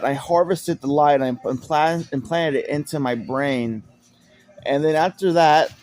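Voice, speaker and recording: A man's voice: fairly high pitch, darkish tone. A man telling a personal story in a casual, rambling way, often repeating words and restarting sentences. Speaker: storyteller recounting personal experience. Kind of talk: casual spoken monologue.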